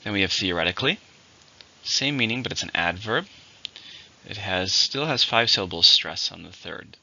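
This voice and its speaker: A man teaching English vocabulary in a recorded lesson, with slow, clear, deliberate pronunciation drills. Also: deep voice, lively intonation, pushed and bright. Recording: dull lo-fi recording.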